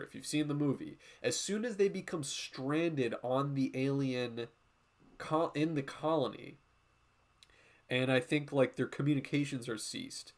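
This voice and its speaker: A man hosting a casual art livestream, talking in a rambling, profane way and drifting from tangent to tangent while he draws. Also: medium pitch. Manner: animated, often slipping into quoted voices. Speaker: art streamer and host.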